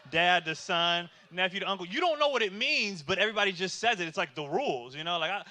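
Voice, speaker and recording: A man's voice: high-pitched, lively intonation, fast, pushed and bright. A man in his thirties doing stand-up comedy, talking loosely and conversationally with lots of fillers and rhetorical questions to the audience.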